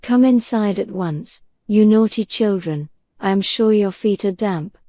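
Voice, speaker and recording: A proper little girl who fusses like a mother speaks in a gentle, unhurried way, voiced by a woman reading a bedtime story. Her tone is mellow and soft, recorded close and dry. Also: mid-range voice, dry recording, natural voice. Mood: motherly.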